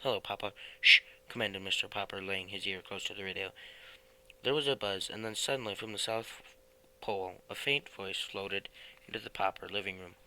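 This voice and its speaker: A man's voice: sits low, moderate pace, pushed and bright, poor audio. A man reading a children's book aloud, plainly, with small slips now and then. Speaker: reader.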